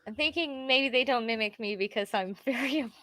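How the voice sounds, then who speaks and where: A woman's voice: a little high, moderate pace, very noisy. A woman who is a psychic medium and guest on a podcast, answering viewer questions in casual chat with a self-deprecating humor. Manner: frequent short agreement, self-deprecating laugh.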